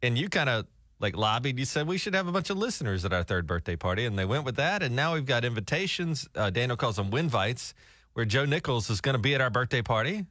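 A man's voice: mid-range voice, big pitch swings, fast talker, a bit bright, dry recording, clean studio sound. A man co-hosting a morning radio show, upbeat and plugging the station in casual banter. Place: radio studio.

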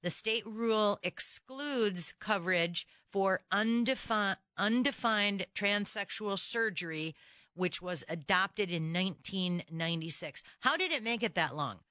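A woman's voice: mid-range voice, animated, a little slow, bright, forceful tone, no room sound. Fired-up woman talk radio host. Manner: indignant, fired-up rhetorical questions. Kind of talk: opinionated talk radio monologue. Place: radio studio. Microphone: studio microphone.

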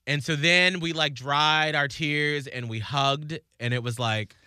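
Male morning-show host: bright, ringing voice, dry close sound, earnest storyteller who acts out his quotes. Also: a little high, steady tone, measured pace, smooth, no room sound. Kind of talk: casual on-air chat.

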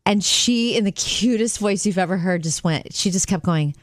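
A woman co-hosting a radio show in casual chat, telling stories in an animated way and laughing often. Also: mid-range voice, moderate pace, no room sound, studio quality. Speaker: radio co-host.

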